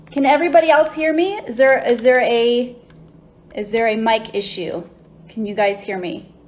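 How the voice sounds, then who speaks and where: Bubbly woman hosting a wine livestream. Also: fairly high pitch. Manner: bubbly and chatty, greeting viewers as they join. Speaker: wine educator hosting a live tasting. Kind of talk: casual livestream chat. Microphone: phone livestream mic.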